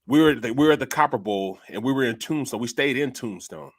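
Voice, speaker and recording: A man's voice: mid-range voice, expressive, brisk. A middle-aged man co-hosting a casual sports talk show, laughing often and calling people bro and man. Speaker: co-host.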